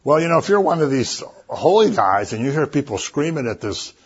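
A man giving a sermon in a casual, conversational way, telling stories with lively asides. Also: a little high, a little fast, slightly rough, lo-fi sound. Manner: conversational, animated storytelling with asides. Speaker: preacher.

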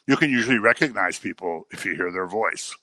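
Male pastor, bright voice, dry sound, playful animated sermon. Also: fairly low pitch, fairly quick, dry recording. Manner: jokey, animated preaching with acted-out quotes.

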